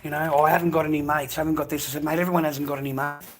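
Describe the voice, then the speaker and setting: Man, middle-aged, blunt and swearing, fairly high bright voice, faint hiss behind. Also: level tone, rapid-fire. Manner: coarse, swearing, emphatic. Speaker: vlogger giving advice to men. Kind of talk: blunt motivational monologue.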